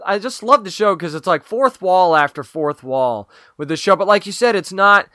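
A man with a high, bright voice co-hosts a podcast, gushing with enthusiasm in a casual chat. The recording is dry, with no room sound. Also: lively intonation, normal speed, dry recording. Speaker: podcast co-host. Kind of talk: casual chat reviewing a TV show.

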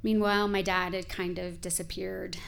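A woman's voice: lowish voice, flat delivery, normal speed, vocal fry, fairly bright tone. A woman in her forties telling a personal story in a candid, conversational way, with frequent filler words.

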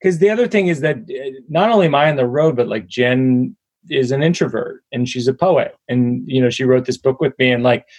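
A man's voice: mid-range voice, brisk, darkish tone, husky, no room sound. A middle-aged man, a comedian, chatting casually and joking in a self-deprecating way in an interview. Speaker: comedian guest.

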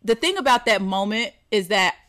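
A woman co-hosting a relaxed talk show, speaking earnestly at a middle pitch. She tells stories in an even, conversational way and slips into quoted lines as she goes. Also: normal speed. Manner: earnest, storytelling, acts out quotes. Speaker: podcast co-host. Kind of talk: casual conversation.

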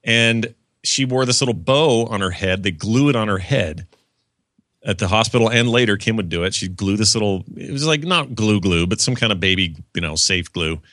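A man with a lowish but bright, crisp voice tells stories in a relaxed chat. He explains at an easy pace and switches to a high falsetto when quoting strangers. The mic is close and dry. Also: moderate pace, dry recording. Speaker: podcast co-host. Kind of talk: casual chat, storytelling.

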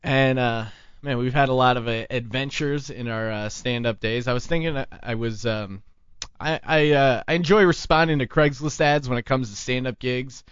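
A man's voice: medium pitch, normal speed, clean tone, no room sound, lo-fi sound. A man hosting a casual talk show, telling rambling stories with plenty of restarts. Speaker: podcast host. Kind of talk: casual chat.

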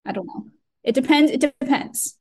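A woman's voice: sits high, moderate pace, a little mellow. A woman co-hosting a podcast in casual chat, laughing often and hesitating with many fillers. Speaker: podcast co-host.

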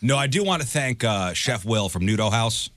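A man co-hosting a podcast in casual chat, animated and jokey, rambling with restarts. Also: lowish voice, moderate pace, a little hiss or hum. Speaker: podcast co-host.

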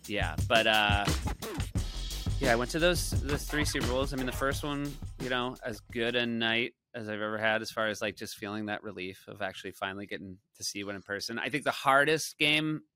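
A man's voice: mid-range voice, fairly quick, pushed and bright, smooth, soft background music. A man guest on a podcast, chatting casually and rambling with self-deprecating humor.

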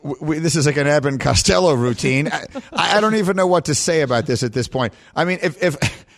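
A man's voice: on the high side, expressive, quick pace, vocal fry. A man hosting a sports talk radio show, teasing and incredulous in casual banter.

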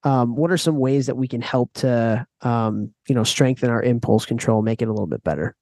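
Male co-host, gravelly tone, eager and casual with slang, dry close sound. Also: mid-range voice, fairly quick, mellow, dry recording. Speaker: podcast co-host. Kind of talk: casual podcast interview.

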